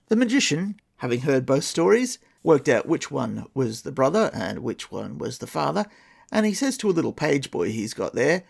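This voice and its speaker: Gravelly man retelling a folktale. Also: mid-range voice, very animated, moderate pace. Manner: wry, sarcastic asides. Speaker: podcast host retelling a folktale. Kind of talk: casual storytelling with commentary.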